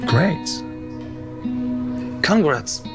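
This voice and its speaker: A man's voice: a little high, very animated, extremely slow, over loud music, heavily acted. A man with a Russian accent playing a polite but prejudiced husband neighbor in a skit. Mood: friendly.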